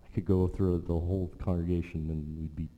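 A male pastor delivering a sermon, slow and emphatic, with rhythmic repetition, in a church. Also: deep voice, little pitch movement, phone-quality sound, a little hiss or hum. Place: church sanctuary. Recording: long reverb of a large hall.

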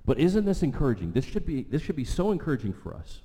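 A man's voice: medium pitch, sing-song, fast, mellow. A man preaching a sermon, emphatic, repeating key lines for weight. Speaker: pastor. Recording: long reverb of a large hall.

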